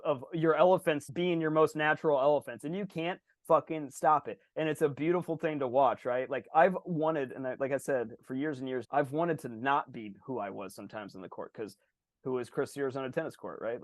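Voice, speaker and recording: A man co-hosting a podcast in casual chat, animated, swearing freely and acting out other people's voices. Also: on the high side, dry recording, clean studio sound. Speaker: podcast co-host.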